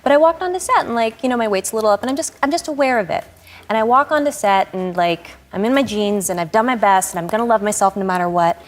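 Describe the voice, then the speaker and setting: A woman's voice: mid-range voice, fast talker. A woman in her forties telling funny stories as a talk show guest, laughing and doing the voices of the people in them. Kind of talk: anecdotes on talk shows.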